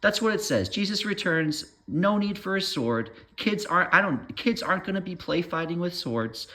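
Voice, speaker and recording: A man's voice: high-pitched, lively intonation, normal speed, sharp tone. A man rambling through an opinion monologue, trailing off mid-thought and waving his own points away with "never mind.".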